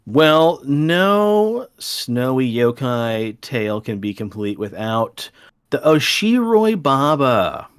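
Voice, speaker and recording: A man's voice: medium pitch, very animated, slow pace, clear, resonant tone. Playful, dramatic male podcast storyteller. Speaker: podcast host.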